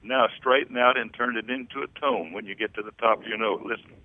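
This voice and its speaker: A man's voice: on the low side, steady tone, fast, no room sound, narrow, tinny audio. An older man in an interview, telling stories and coaching vocal sounds. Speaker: interviewee, backup singer. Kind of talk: storytelling interview chat.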